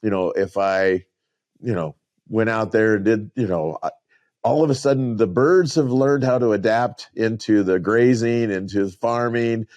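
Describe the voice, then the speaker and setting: Deep-voiced rancher telling stories. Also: male voice, unhurried, a little mellow, no room sound, muffled recording. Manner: rambling storyteller, quotes others, chuckles. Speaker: podcast co-host, rancher. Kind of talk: casual podcast chat.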